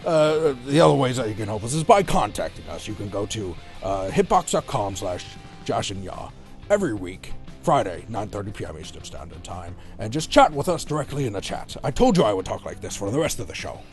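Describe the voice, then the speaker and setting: Rambling man with a lively voice. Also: on the low side, a little fast, soft background music. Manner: rambling, filler-heavy, laughs easily. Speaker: podcast co-host. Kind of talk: casual podcast chat.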